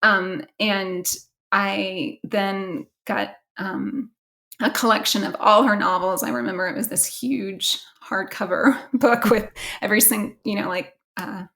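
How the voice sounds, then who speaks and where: A woman's voice: medium pitch, fairly even intonation, a little slow, fairly bright tone. Woman, American accent, author guest, chatty, laughs often, casual interview.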